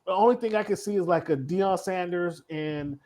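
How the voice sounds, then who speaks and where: A man co-hosting a casual sports talk show, his voice sitting a little high for a man. He tells stories with energy and laughs often as he goes. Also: normal speed. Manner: animated storyteller, laughs often. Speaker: podcast co-host.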